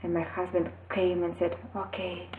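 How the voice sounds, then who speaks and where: Woman, mother, earnest advice, slow pace, roomy echo. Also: mid-range voice, steady tone, background noise. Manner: earnest, emphatic storytelling. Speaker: parent sharing advice. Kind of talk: personal advice vlog. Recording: echoey, phone-like audio.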